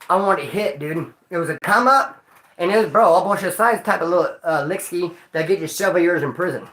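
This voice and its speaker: Brief: bright-voiced man spinning slangy, cussing stories, roomy echo. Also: a little high, fast. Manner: animated, slangy and profane, acting out quotes. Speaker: storyteller recounting prison life. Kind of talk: casual storytelling monologue.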